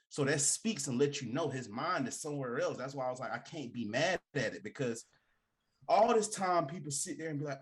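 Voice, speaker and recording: A young adult man co-hosting a casual sports talk show, emphatic and animated, with slangy delivery and big swings in pitch. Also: a little fast. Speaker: podcast co-host.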